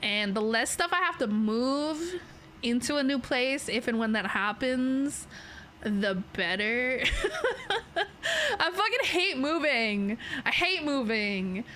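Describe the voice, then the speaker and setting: A woman's voice: a little high, lively intonation, slow, a bit bright, slight background noise. A young adult Canadian woman with a Canadian accent, chatting casually on a livestream from a bedroom setup, rambling playfully and laughing often. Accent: Canadian English. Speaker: VTuber streamer. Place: home streaming setup in a bedroom.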